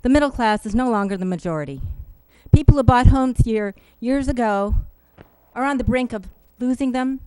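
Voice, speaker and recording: A woman giving an earnest, emotional public comment at a city council meeting, halting now and then with fillers, into a podium microphone. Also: fairly high pitch, animated, warm tone, clear, resonant tone, no echo, rough recording.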